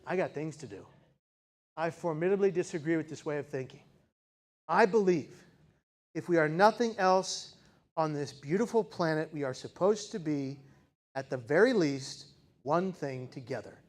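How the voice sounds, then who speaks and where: A man giving a speech to a live audience, telling a personal story dramatically. He swings from raised intensity to hushed, slow emphasis and asks the audience rhetorical questions. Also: a little high. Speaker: keynote speaker.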